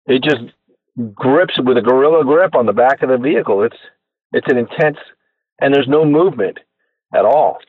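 Animated male guest over a tinny phone line. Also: medium pitch, no room sound. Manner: animated storyteller who acts out quoted voices. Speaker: guest inventor. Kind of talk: casual storytelling interview.

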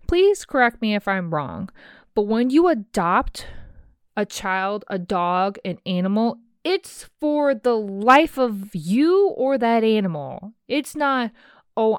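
Woman, 30s, podcast host. Animated, outspoken solo rant. Clean, smooth voice, dry close recording. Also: medium pitch, no echo. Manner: animated, emphatic, swears, addresses listener as sis.

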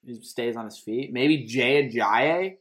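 Male sports podcast co-host, mid pitch, casual and argumentative. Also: unhurried, a bit bright. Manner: argumentative, hedging with "like".

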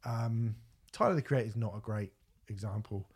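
A man's voice: lowish voice, moderate pace, darkish tone, slightly rough. A man hosting a music podcast, talking in a rambling, sweary, casual way. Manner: rambling, sweary, many restarts. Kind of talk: casual chat.

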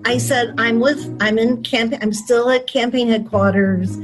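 Lively woman recalling a story over music. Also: on the high side, slow pace, rough recording. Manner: lively storytelling, acts out phone calls. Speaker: former chief of staff recalling election night. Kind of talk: interview recollection.

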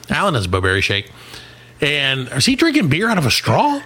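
A middle-aged man on a comedy podcast telling a long story in a casual, animated way, swearing and acting out what other people said. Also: fairly high pitch, a little fast. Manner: animated, swearing, acts out quoted voices. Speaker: podcast co-host.

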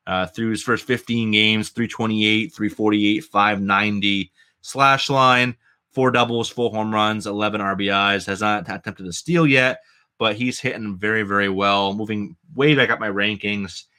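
Bright-voiced man with a New England accent. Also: fairly low pitch, normal speed. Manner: animated, stat-heavy, rambling with fillers. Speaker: fantasy baseball podcast co-host. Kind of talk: casual podcast chat.

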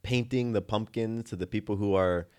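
Easygoing man with a lowish voice. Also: moderate pace, clear, resonant tone. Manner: easygoing, laughs at himself, animated when excited. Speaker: podcast guest. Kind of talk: casual conversation.

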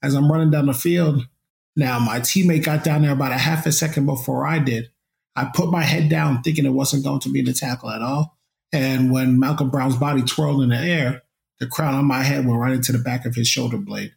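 A man's voice: mid-range voice, fairly even intonation, a little fast, vocal fry. A young man, a former college football player, telling his story in an interview in an upbeat, reflective way.

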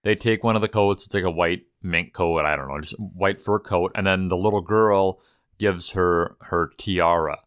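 A man's voice: low voice, fairly even intonation, normal speed, a bit bright, clean tone. A man co-hosting a podcast, casually and agreeably filling in details while recapping a movie. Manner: easygoing, agreeable, fills in details. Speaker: podcast co-host.

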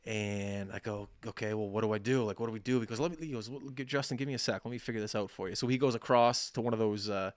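Animated storyteller in his thirties. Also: fairly low pitch, fast, few pauses, dry recording. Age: 30s. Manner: animated, acts out quoted dialogue. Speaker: podcast co-host. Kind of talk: casual storytelling chat.

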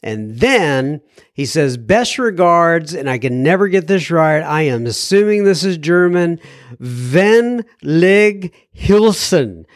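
A man's voice: a little high, lively intonation, measured pace, dry recording, clean studio sound. A man hosting a podcast, reading listener messages aloud in a casual, chatty way, thinking aloud with fillers and self-corrections.

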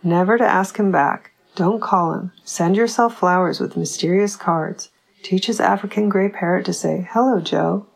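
A woman's voice: on the low side, normal speed, gravelly. A woman reading the part of a scornful, witty older mother with a Texan twang and a sneer.

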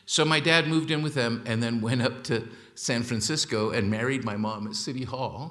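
Man, 60s, from Mexico. Animated storyteller at a talk, mid-pitched voice that leaps up on the punchlines. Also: moderate pace. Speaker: author giving a talk.

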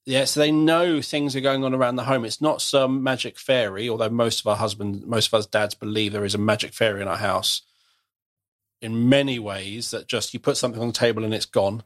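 A middle-aged man talks in a loose, chatty way, often stopping to restart a thought and poking fun at himself. His voice sits at an ordinary pitch for a man. It is recorded close and dry, with almost no room sound. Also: steady tone, brisk, no room sound. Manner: chatty, self-deprecating, frequent restarts. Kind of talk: casual conversational chat.

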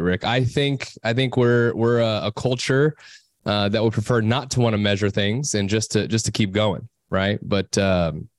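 A man co-hosting a casual panel discussion, often halting and repeating words as he starts a thought. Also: on the low side, no echo, clean studio sound. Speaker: co-host.

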